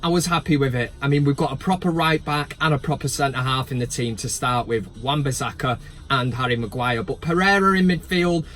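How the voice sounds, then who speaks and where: A man's voice: mid-range voice, a little fast, a bit bright. A man hosting a football vlog, chatting casually in a rambling, jokey, self-mocking way, recorded on a camera without a separate microphone inside a van. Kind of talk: casual chat. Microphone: camera's built-in mic, no microphone.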